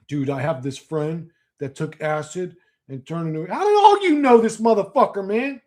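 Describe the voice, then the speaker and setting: A man's voice: high voice, animated, normal speed, darkish tone. A young man ranting crudely on a casual livestream, rambling and slangy, slipping into mocking impressions. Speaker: streamer answering chat. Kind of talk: profane casual livestream rant.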